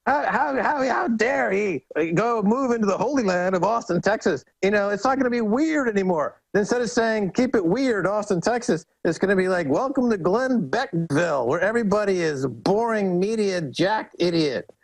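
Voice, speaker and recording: Male guest commentator, mocking and sarcastic, animated ranting delivery. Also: sits high, normal speed, vocal fry, hardly any pauses, low-quality recording. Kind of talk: ranting phone-in talk show interview.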